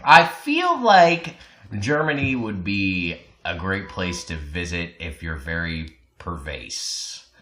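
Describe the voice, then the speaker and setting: A man's voice: sits low, big pitch swings, takes it slowly, bright, forceful tone. A man co-hosting a casual podcast, playful and giggly. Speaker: podcast co-host. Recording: echoey room with faint noise.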